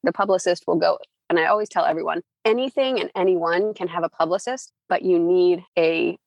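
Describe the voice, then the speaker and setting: A middle-aged woman speaks as an interview guest, chatty and easygoing as she tells her story. Her low voice has a gravelly fry to it. The recording is close and dry. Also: a little fast, a little mellow, dry recording, highs cut off. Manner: chatty, acts out quoted people. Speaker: guest, former entertainment publicist.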